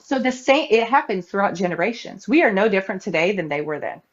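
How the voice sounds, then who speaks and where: Woman debater, lively storyteller, slightly muffled stream audio. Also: medium pitch, fast. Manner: animated storytelling, acting out quoted voices. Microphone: live-stream mic.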